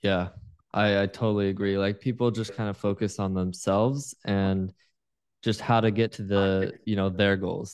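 Brief: man, lowish voice, smooth and clean in a dry space, a friendly interviewer. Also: darkish tone, dry recording. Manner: affirming, easygoing questioner. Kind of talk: casual interview questions.

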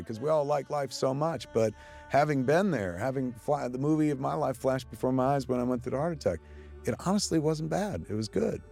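A man gives a loose, casual commentary over his own film. He talks with excited energy, swears freely and stumbles into restarts. His voice sits at an ordinary pitch, with faint film music playing underneath. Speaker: filmmaker giving audio commentary.

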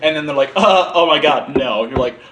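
A young man co-hosting a casual podcast chat, his high voice swinging up and down lively as he tells stories. He acts out the quotes in a joking way. He sounds roomy, with clear noise behind him. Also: a little fast. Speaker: podcast co-host.

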